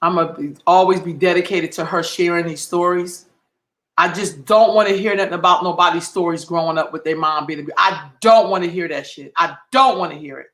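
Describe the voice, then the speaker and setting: A man's voice: fairly high pitch, a little fast, a bit bright, roomy sound. A man hosting a livestream, delivering an impassioned, heated monologue full of profanity and emphatic repetition. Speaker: livestream host.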